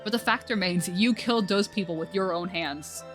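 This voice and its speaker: A woman's voice: medium pitch, normal speed, natural voice. A woman voicing an earnest young woman who firmly insists on justice. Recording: game music playing loudly behind.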